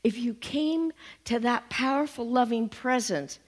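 A woman minister preaches to her congregation in a storytelling way, slightly high-pitched. Her voice rings with a long reverb from the church hall around her. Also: a little slow. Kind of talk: sermon.

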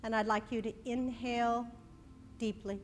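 Brief: woman minister, high-voiced, leads guided breathing meditation, slow and soothing, soft music underneath. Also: level tone, big-room sound.

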